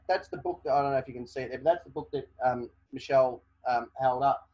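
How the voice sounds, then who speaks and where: An Australian man presenting a webinar talks at a quick clip with hardly any pauses, his medium-pitched voice darkish in tone. Emphatic as he explains legal advice to a caller, he repeats "okay?" after every point to make it stick. The audio is dull and lo-fi.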